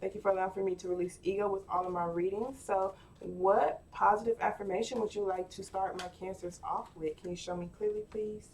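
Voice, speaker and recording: A woman's voice: medium pitch, fairly even intonation, fairly quick, few pauses, darkish tone, recorded from a distance, slight background noise. A woman giving a casual tarot reading, chatty and playful, talking straight to her viewers with plenty of filler words. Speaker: tarot card reader.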